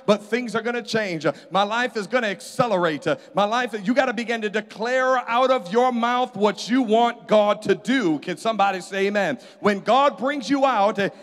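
A man's voice: high voice, fairly bright tone. A man preaching a sermon as pastor, calling out to his congregation for responses. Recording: hall reverb.

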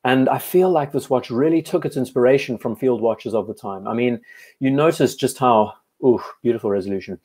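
A man's voice: mid-range voice, moderate pace, darkish tone, husky. A South African man hosting a casual live stream, reading out viewer comments and chatting enthusiastically with frequent restarts.

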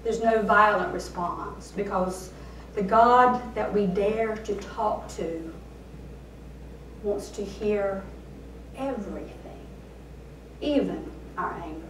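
A woman pastor preaching a sermon in a slow, deliberate way, posing rhetorical questions. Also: mid-range voice, slight background noise. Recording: roomy sound, voice from far off.

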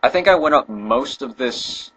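A man's voice: mid-range voice, lively intonation, normal speed, fairly bright tone, husky, low-quality recording. A man giving laid-back gameplay commentary, explaining strategy and cursing jokingly. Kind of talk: casual walkthrough commentary.

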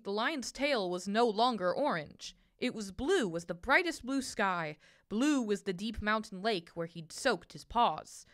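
A woman reads a children's picture book aloud in a bright, clear voice. Her storytelling is gentle and expressive, and her pitch moves up and down a lot. She gives each line its own colour.

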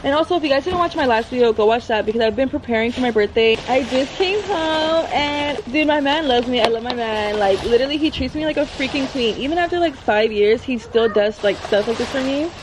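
A woman's voice: high voice, fairly quick, few pauses, background noise. A woman in her twenties chatting casually at home in a vlog, full of "like" fillers. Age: 20s. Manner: talking softly so as not to wake someone. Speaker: vlogger.

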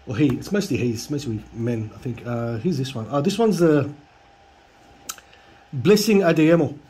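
A man's voice: mid-range voice, animated, moderate pace, dark tone, a little hiss or hum. A man reading out chat logs with dry, mocking comedic commentary. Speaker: video creator.

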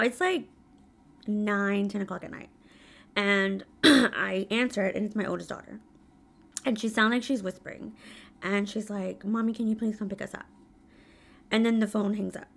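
A woman's voice: medium pitch, fairly bright tone. A woman in her thirties candidly telling a painful personal story in a casual vlog, full of fillers and emotion. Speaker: vlogger. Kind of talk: casual storytelling while doing makeup.

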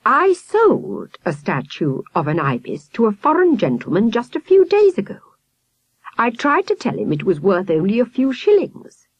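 A woman's voice: a little high, wildly swooping pitch, moderate pace, slightly rough, dry recording, highs cut off, pitched above the performer's own voice, full character voice. A woman voicing a fluttery, genteel older lady in a storybook.

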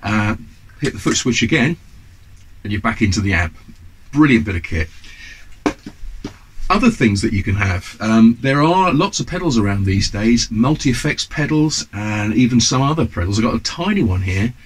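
Speaking at a normal speed with lively intonation, a British guitar teacher in his fifties gives an enthusiastic, casual lesson to camera, full of asides and ums. His voice is mid-range. The low-quality recording carries a little hiss or hum.

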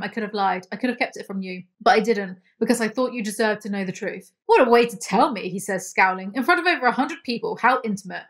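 A young woman reads a novel aloud, keeping the quoted dialogue fairly flat. She keeps cutting in with dry, sarcastic asides and plenty of swearing. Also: mid-range voice. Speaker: book commentary youtuber.

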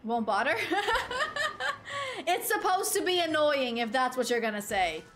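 A woman's voice: high voice, sing-song, unhurried, fairly bright tone, faint music behind. A woman giving casual gameplay commentary as a streamer, rambling, correcting herself and talking to her chat. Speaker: gaming streamer.

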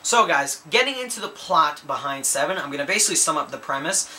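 A man hosting a casual movie review, his voice bright and forward with a slightly raised pitch. He rambles enthusiastically, restarting sentences and repeating himself as he goes. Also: expressive, fast talker, a little hiss or hum. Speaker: movie reviewer, channel host.

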